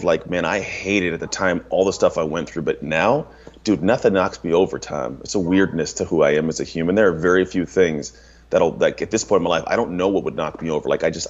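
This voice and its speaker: A man's voice: sits low, dull audio. A man in his thirties talking bluntly and emphatically as an interview guest, with lots of casual filler and swearing. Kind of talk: candid interview talk.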